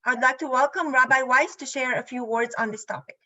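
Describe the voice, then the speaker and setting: A woman with a high, bright voice introduces the next speaker as event host. She speaks a little haltingly, with small fillers between phrases. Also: fairly even intonation, low-quality recording.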